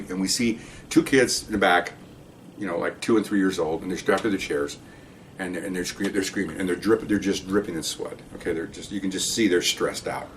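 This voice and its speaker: A man's voice: sits low, fairly bright tone. An older man, a retired police officer, telling a story from his career in a rambling, casual way, restarting sentences and often checking in with an "okay?". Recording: distant mic with faint background hiss.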